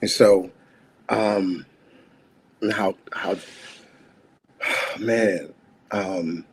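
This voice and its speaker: A man's voice: low voice, extremely slow, slight background noise. A grieving man speaking as a guest on a talk show, raw and emotional, swinging between laughter and anger. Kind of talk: livestream talk show conversation.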